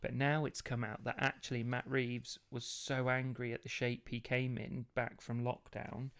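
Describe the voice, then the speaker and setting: A man's voice: mid-range voice, level tone, normal speed, a bit bright, clear, resonant tone. Chatty man in his thirties. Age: 30s. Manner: chatty, swears casually, tells gossip at length. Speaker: podcast co-host. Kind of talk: casual podcast chat.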